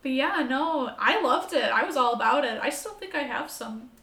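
Bright, gravelly, animated woman in an echoey room. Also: sits high, moderate pace. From United States. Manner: animated storyteller, swears freely, acts out her own reactions. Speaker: podcast guest. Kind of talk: casual chat. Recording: roomy echo.

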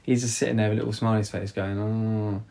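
A man talking casually about a film, rambling and halting with many restarts. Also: lowish voice, level tone, gravelly, a little mellow, husky.

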